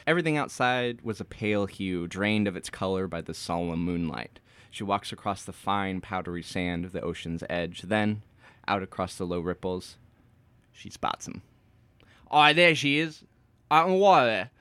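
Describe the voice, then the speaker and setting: Joking man recapping a book, low voice. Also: moderate pace, a bit bright, clear, resonant tone. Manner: jokey, sarcastic asides while recapping. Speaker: podcast co-host. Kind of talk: casual chat and book recap.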